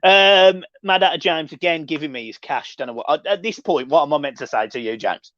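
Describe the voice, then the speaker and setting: A man hosting a casual live stream, reading and answering chat with sweary, excitable banter. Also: on the high side, brisk, dry recording. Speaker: livestream host reading chat. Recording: dull lo-fi dry sound.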